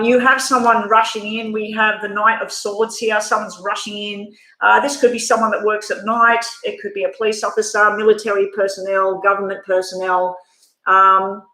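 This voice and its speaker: A woman's voice: mid-range voice, bright, forceful tone, reverberant, poor audio. Chatty Australian woman reading tarot live. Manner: chatty, rambling, frank with mild swearing. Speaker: tarot reader.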